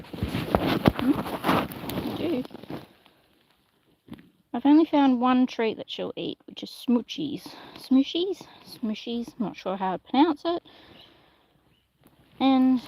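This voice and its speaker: A woman talks slowly and gently, coaxing her small horse through a training session while she chats to viewers. Her voice is on the higher side. The phone recording has clear outdoor noise behind it. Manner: soft, coaxing praise to the animal. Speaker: horse owner livestreaming. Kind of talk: casual livestream chat while training a pony. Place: outdoors in a paddock. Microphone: phone camera held in one hand.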